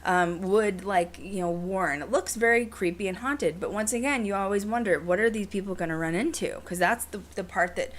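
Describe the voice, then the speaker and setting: A woman hosting a podcast, telling a story in casual chat, animated and full of "like" and "you know". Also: medium pitch, normal speed, few pauses. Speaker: podcast host.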